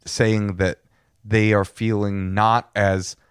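A man co-hosting a podcast, chatting casually with his wife and telling stories in a jokey, animated way. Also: fairly low pitch, slow, clear, resonant tone, dry recording, clean studio sound. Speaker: podcast co-host. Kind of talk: casual chat.

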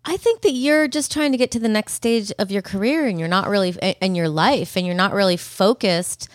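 A woman co-hosting a podcast who gives earnest, gentle advice. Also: medium pitch, fairly quick, no room sound, studio quality. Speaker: podcast co-host. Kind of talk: casual advice chat.

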